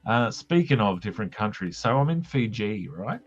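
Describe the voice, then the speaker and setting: A man's voice: lowish voice, very animated, moderate pace, few pauses. Australian man, stream host, casual meandering chat, joking, filler-heavy, faint music underneath. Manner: joking, meandering, lots of ums and tangents. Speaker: livestream host drawing comics. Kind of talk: casual rambling chat while drawing. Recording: dull lo-fi livestream audio.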